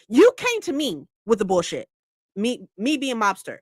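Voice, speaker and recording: Animated, foul-mouthed woman ranting. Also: medium pitch, unhurried, husky, no room sound, studio quality. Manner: laughs often. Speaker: book club streamer. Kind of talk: casual live-stream book chat.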